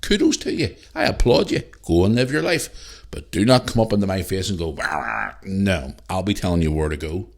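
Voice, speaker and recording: A man's voice: deep voice, animated, fairly quick, a little mellow. A man hosting his own podcast, ranting heatedly and swearing, with lots of repeated phrases. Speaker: podcast host. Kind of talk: solo podcast rant.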